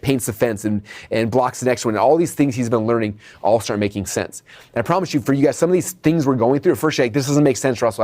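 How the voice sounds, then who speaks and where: A male coach talks quickly through a video training, his voice sitting in an ordinary middle pitch. He sounds energetic and direct, pushing his viewers to act and asking "okay?" to keep them with him. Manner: addresses viewers as "you guys". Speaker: online business coach.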